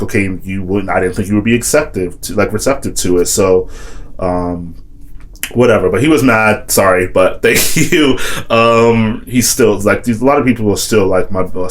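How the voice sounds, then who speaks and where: Rambling young man with a lowish voice. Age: young adult. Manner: rambling, heavy use of "like" and "whatever", quotes friends in a raised voice. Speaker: vlogger. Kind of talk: casual storytelling to camera.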